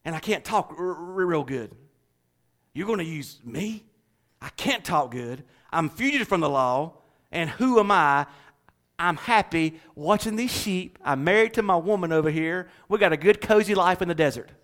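A man's voice: a little high, lively intonation, normal speed, fairly bright tone. A man preaching in church acts out Moses as a humble older shepherd who stutters and doubts he can speak before a king. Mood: pleading. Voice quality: stuttering, unsure, pleading.

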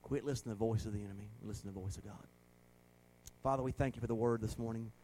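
A man, a pastor preaching a sermon and leading a prayer, swinging between loud exhortation and soft, earnest prayer. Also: fairly low pitch, steady tone, very fast, slight background noise.

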